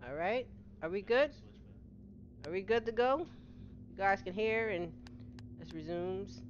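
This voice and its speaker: A woman's voice: mid-range voice, measured pace. A middle-aged woman streaming a game live, chatting casually, greeting viewers by name and laughing often. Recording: slightly dull home-stream audio with steady noise.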